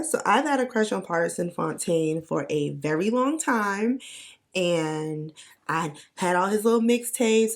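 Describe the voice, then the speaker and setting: A young woman with a hoarse, raspy voice from losing it, hosting a casual solo podcast in a playful, animated way. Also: fairly low pitch. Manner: playful, animated, breaks into mock quotes. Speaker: podcast host.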